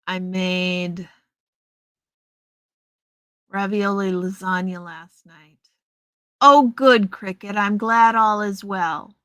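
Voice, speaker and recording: A woman hosts a casual livestream from home, talking slowly and unhurriedly as she answers viewers by name. Her voice is bright and a little forceful, recorded dry and close with no room sound around it. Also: medium pitch, steady tone, clear, resonant tone, no room sound, poor audio. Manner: chatty, reads and answers viewers' messages by name. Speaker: livestream host. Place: home, in front of a green screen. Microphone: headset earpiece.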